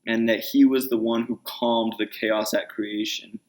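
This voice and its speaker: Slow, unhurried male preacher. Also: medium pitch. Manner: conversational Bible teaching, paraphrasing in a lively voice. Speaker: pastor. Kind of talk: sermon.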